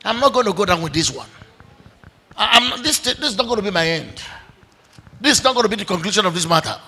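A man's voice: sits high, animated, fast talker, pushed and bright, breathy edge. A man, a pastor preaching a sermon with animation and acting out the dialogue of a story. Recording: echoey hall with long reverb.

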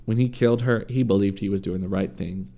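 A man's voice: lowish voice, fairly even intonation, quick pace, dark tone. A man reading a story aloud in a casual way, stumbling and correcting himself now and then. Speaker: podcast host reading a story. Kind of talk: casual true-crime reading.

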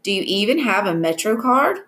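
A woman's voice: medium pitch, very animated, moderate pace, fairly bright tone. A woman voicing a protective middle-aged mother who speaks in an anxious, apologetic way. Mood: decisive.

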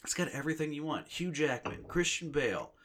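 A man's voice: on the high side, expressive, a little fast, a bit bright, a little hiss or hum. A young man co-hosting a podcast, ranting in casual chat and swearing constantly. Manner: profane, ranting. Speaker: podcast co-host.

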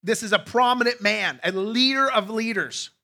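Bright, high-voiced male pastor preaching. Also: moderate pace. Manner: conversational preaching with asides to the congregation. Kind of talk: sermon.

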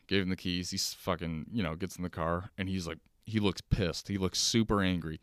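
A young man with a lowish, smooth and resonant voice rambles through a casual solo podcast, cracking jokes and swearing freely. The sound is close and dry. He talks loosely, drifting from one aside to the next. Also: fairly even intonation, fairly quick, a bit bright, no echo. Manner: rambling, profane, jokey. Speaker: podcast host. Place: kitchen table at home.

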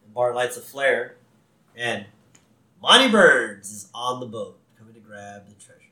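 Animated man in an echoey room. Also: medium pitch, a little slow. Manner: animated, laughing retelling. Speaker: podcast co-host. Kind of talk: casual episode recap. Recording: roomy echo.

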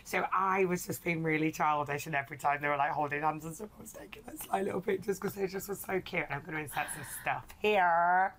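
A woman's voice: sits low, quick pace, few pauses, fairly bright tone, a little hiss or hum. A woman from England co-hosting a podcast, chatting casually in a teasing way and swearing now and then. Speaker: podcast co-host. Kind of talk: casual chat.

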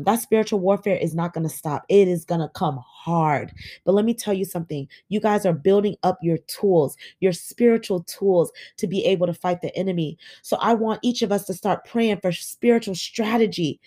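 Woman podcast host, earnest and preachy, mid-pitched, recorded at home in bed. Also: warm tone. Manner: earnest, preachy, addresses listeners as guys. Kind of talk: emotional faith encouragement. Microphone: home podcast setup.

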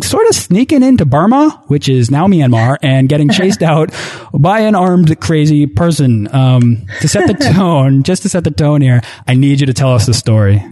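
A man's voice: fairly high pitch, mellow. A man hosting a travel podcast interview, speaking with encouraging enthusiasm. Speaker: podcast host.

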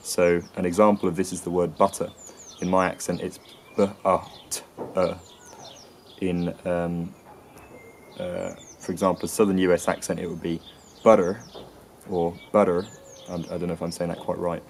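English male presenter, low and even voice, hesitant explanatory delivery. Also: fairly quick, gravelly, slight background noise. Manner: hesitant, frequent ums and restarts. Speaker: accent and linguistics presenter. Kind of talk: explanatory lesson.

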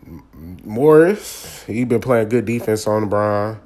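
A man's voice: lowish voice, animated, slow, darkish tone. A man, ranting casually and animatedly about a sports game in slangy talk. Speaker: sports commentator.

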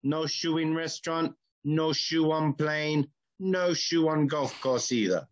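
A laid-back Jamaican resort pitchman, as a podcast host puts on the voice. He drawls each line slowly, pitched well above his usual talk. The audio is dull and lo-fi. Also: close to an everyday voice. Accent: Jamaican (put on). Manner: slow, drawling ad-read delivery.

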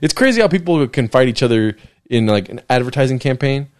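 A man's voice: mid-range voice, expressive, a little fast, dry recording, clean studio sound. Rambling, joking young man podcasting. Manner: rambling, joking, profane, slips into mock voices. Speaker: podcast host. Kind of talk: casual solo podcast chat. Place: home living room studio at a desk.

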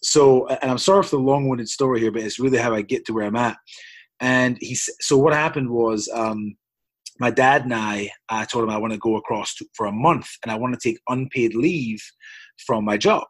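A man's voice: medium pitch, normal speed, no echo. A man, a basketball coach, telling a long personal story in an interview, earnest and rambling with frequent restarts. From Scotland.

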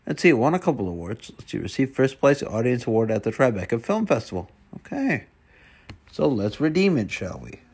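A man's voice: medium pitch, sing-song, a little fast, darkish tone, breathy edge. A man chatting casually and rambling to himself while browsing online, swearing often and muttering under his breath. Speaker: vlogger.

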